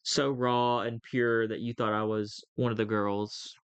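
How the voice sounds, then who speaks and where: A man's voice: on the low side, little pitch movement, measured pace, clean tone, no echo. A young man co-hosting a podcast, telling a story in a casual, rambling way with lots of fillers and restarts. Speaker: podcast co-host. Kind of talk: casual chat.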